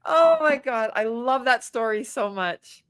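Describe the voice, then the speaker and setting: Podcast guest: middle-aged woman, slightly high voice, animated anecdote teller. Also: a little slow, clear, resonant tone. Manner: animated, acts out quotes with big pitch jumps. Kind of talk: casual storytelling.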